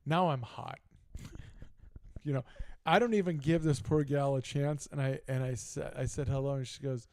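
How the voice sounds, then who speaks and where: Gravelly middle-aged man telling a story. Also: mid-range voice, moderate pace, dry recording. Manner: animated storyteller, acts out both sides of conversations. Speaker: podcast co-host. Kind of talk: casual chat, storytelling.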